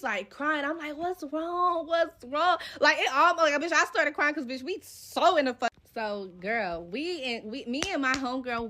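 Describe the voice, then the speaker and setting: A woman's voice: high-pitched, bright, forceful tone. A young woman telling a story from her own life in casual, profane slang, acting out the dialogue as she goes. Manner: profane, slangy, retells scenes with quoted dialogue.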